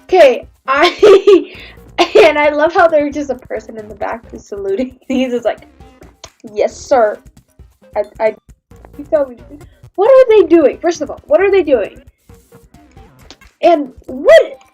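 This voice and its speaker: A woman's voice: high-pitched, sing-song, unhurried, a little mellow, dull audio, soft background music. A woman hosting a casual reaction livestream, rambling and giggly with lots of restarts. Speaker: livestream host.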